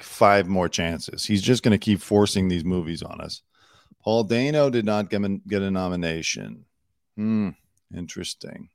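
A man's voice: sits low, vocal fry, no room sound, studio quality. A man hosting entertainment news commentary, delivering opinionated, snarky asides in a casual way with fillers and restarts.

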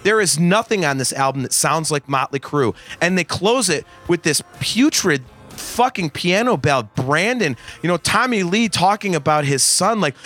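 A man's voice: a little high, expressive, normal speed, fairly bright tone. A man in his forties, a guest on a casual podcast, talking in a profane, emphatic rant. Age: 40s.

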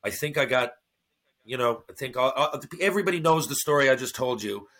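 A man's voice: medium pitch, animated, fairly quick, fairly bright tone. A man, a former hockey player turned actor, telling stories in a casual podcast interview, acting out other people's lines and swearing freely.

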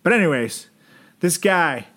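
A man's voice: on the high side, expressive, measured pace, pushed and bright. A man co-hosting a comedy podcast, joking in a mock-pompous way and swearing freely. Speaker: podcast co-host. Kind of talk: comedic casual chat.

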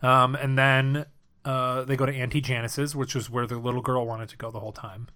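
A man's voice: medium pitch, flat delivery, fairly quick, bright, forceful tone, clear, resonant tone. A man co-hosting a podcast, laid-back and jokey, swearing casually as he retells a film. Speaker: podcast co-host. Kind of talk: casual chat recapping a film.

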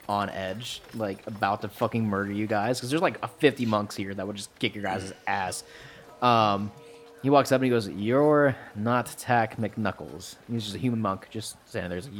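Game master, male, low-leaning voice, loose and profane storyteller. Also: a little fast, slight background noise. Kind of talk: casual tabletop narration.

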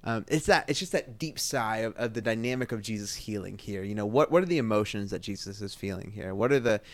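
A man talking through a Bible passage in a casual discussion, thoughtful and halting, with many restarts. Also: lowish voice, dry recording.

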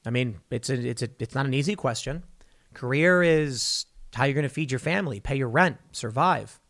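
A man's voice: mid-range voice, fairly bright tone. A man hosting a podcast, delivering a heated, opinionated monologue with a sarcastic, mocking tone. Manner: rushes through read-out news text. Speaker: podcast host.

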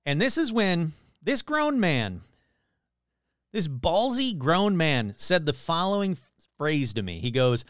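A man's voice: fairly high pitch, sing-song, slow, fairly bright tone, no room sound, studio quality. A man telling a comic story in a casual, rambling way, full of "like" and self-corrections.

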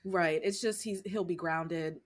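A woman co-hosting a podcast in casual chat, talking in halting, rambling sentences full of fillers. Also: fairly low pitch, fairly even intonation. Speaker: podcast co-host.

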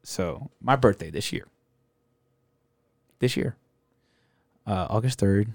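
A man in his twenties, a podcast guest, telling a story in a casual, profane, animated way. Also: on the low side, slow pace, vocal fry, no room sound. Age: 20s. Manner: animated, profane, acts out friends' voices.

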